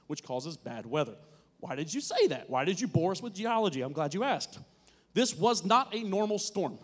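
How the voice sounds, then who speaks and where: Dramatic male preacher, slightly high voice. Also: big-room sound. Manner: dramatic, with sudden drops to a near murmur and emphatic swells. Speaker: pastor. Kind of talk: sermon. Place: church hall with teens present.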